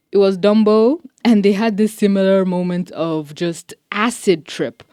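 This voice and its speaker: Dark-voiced young woman reviewing a cartoon. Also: on the low side, dry recording, studio quality. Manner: animated, laughing, swearing, slangy asides. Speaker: show reviewer. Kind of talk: casual commentary.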